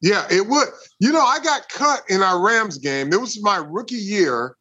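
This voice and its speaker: A man in his sixties co-hosts a casual podcast, teasing his old teammate. His voice is high and sharply bright. The recording sounds dull and lo-fi. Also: animated, moderate pace, slightly rough. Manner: teasing, ribbing. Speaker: podcast co-host, former pro player.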